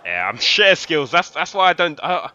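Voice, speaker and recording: A young man from London with a London English accent, chatting excitably to viewers and swearing freely while commentating his own football game. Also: a little high, moderate pace, dull audio. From London, England. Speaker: gaming streamer. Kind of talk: live gameplay commentary.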